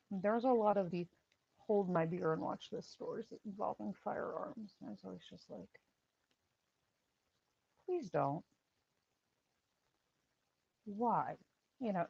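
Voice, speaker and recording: A middle-aged woman, a former paramedic and firearms instructor, hosting a casual live stream, telling stories with animated repetition and answering chat. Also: mid-range voice, gravelly, husky, no echo, dull audio. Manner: animated storytelling, repeats phrases, answers chat.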